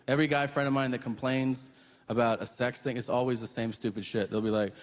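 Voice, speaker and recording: A man's voice: medium pitch, fairly even intonation, quick pace, long reverb tail. A man doing a stand-up comedy routine in a profane, confessional, conversational way.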